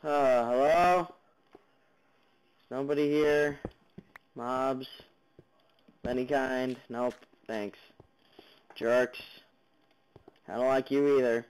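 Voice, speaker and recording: A man's voice: medium pitch, fairly even intonation, drawn-out words, long pauses, clean tone, low-quality recording. Jumpy young man narrating a block game. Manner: jumpy, chatters at monsters and viewers, sudden yelps. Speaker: gaming channel host. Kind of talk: Minecraft let's play commentary. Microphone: basic computer mic, no headphones.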